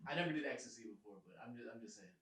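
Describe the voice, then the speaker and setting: A man's voice: mid-range voice, animated, racing, a crowd in the background. A man on a podcast casually telling a laid-back story and laughing along with it. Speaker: podcast co-host. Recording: roomy echo.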